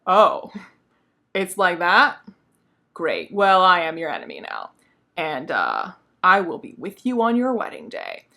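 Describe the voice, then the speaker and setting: A woman's voice: fairly low pitch, sing-song, measured pace, vocal fry, long pauses, pushed and bright, full character voice. A woman casually voicing a lonely, resentful male creature as she retells his words in a book vlog. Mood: menacing. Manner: retold casually, like paraphrased speech.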